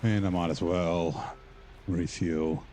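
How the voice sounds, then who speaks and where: A man's voice: sits low, steady tone, takes it slowly, dark tone, a little hiss or hum. A man casually chatting to his stream while playing a game at home, rambling and thinking aloud. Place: room at home.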